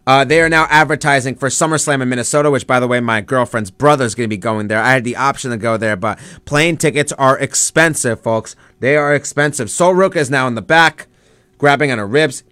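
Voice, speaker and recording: A young man chatting casually as he watches wrestling live, excited and rambling with lots of fillers. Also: mid-range voice, a little fast, no room sound. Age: young adult. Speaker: student vlogger.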